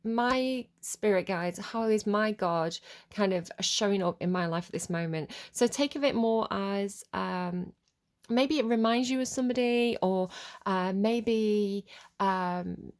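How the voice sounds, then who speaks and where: A woman's voice: medium pitch, slow pace. Chatty woman giving a tarot reading. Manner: chatty and rambling, heavy on filler words. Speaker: tarot reader. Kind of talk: casual collective tarot reading to camera.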